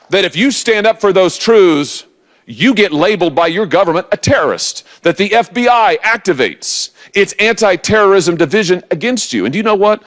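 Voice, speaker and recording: A man's voice: high voice, a bit bright. A man in his forties, a senator giving a political rally speech to a live audience, emphatic and rousing, with lots of repetition.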